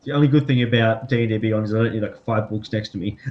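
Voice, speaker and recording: A man's voice: medium pitch, lo-fi sound. A man running a tabletop game as game master, narrating casually with many fillers and frequent laughs.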